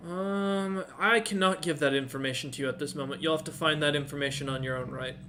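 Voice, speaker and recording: A man voicing a cryptic female seer who gives measured advice. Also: a little high, fairly even intonation, noisy background, natural voice. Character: cryptic mystic woman seer.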